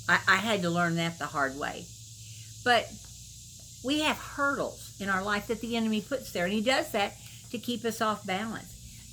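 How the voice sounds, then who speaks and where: A middle-aged woman delivers a devotional message straight to the viewer. She talks in a folksy, storytelling way and keeps asking the listener pointed questions. Her voice sits at an ordinary middle pitch, with a faint hiss in the background. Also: a bit bright, poor audio. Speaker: Christian video minister. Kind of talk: devotional talk to camera.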